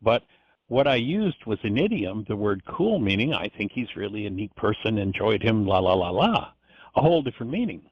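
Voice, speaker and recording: A man's voice: fairly low pitch, big pitch swings, moderate pace, breathy edge, no room sound. An older man hosting a radio show, giving a reflective spiritual talk and telling stories with frequent restarts. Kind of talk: spiritual teaching monologue. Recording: dry, dull lo-fi radio sound.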